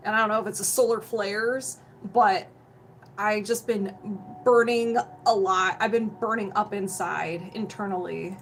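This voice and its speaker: A young woman hosts a casual energy healing livestream from home, bubbly and chatty, greeting viewers by name, laughing often, and mentioning she feels hot and sweaty as she chats and explains. Her mid-range voice is fairly even, unhurried, and a bit bright, on a low-quality recording with a little hiss or hum.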